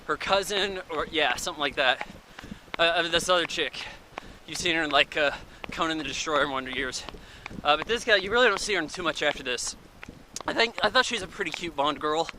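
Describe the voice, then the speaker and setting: A man's voice: a little high, expressive, a little fast, background noise. A man giving a casual, rambling spoken film review in an offhand way. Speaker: movie reviewer.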